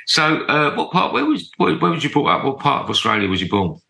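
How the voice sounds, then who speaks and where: A man's voice: on the high side, huge pitch swings, fairly quick, creaky, roomy sound, low-quality recording. A man hosting a podcast who asks rambling, friendly questions and often repeats himself. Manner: warm, rambling, apologetic questions with many repeated yeahs. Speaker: podcast host. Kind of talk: casual interview.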